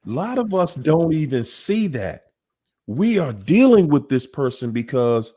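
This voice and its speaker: A man hosting a live Q&A talk, with a slightly raised voice that leaps around in pitch. He talks emphatically, calls out to his listeners, and acts out other people's words in voices. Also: very animated, slow pace, warm tone. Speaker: host.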